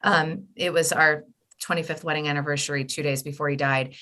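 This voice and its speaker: A middle-aged woman talking openly in an interview, her voice bright and forward, sitting a little low in pitch. She tells her story expressively, sometimes lively and sometimes hushed. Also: a little fast. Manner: expressive storyteller, swings between animated and quiet. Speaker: podcast guest, widowed mother. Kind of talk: candid conversational interview.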